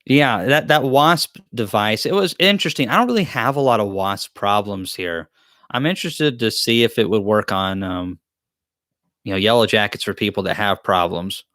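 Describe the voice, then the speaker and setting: A man's voice: on the low side, moderate pace, a bit bright, no room sound, studio quality. A man hosts a live-stream Q&A, reading chat questions aloud and answering them in a joking, rambling, self-deprecating way. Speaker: beekeeping channel host.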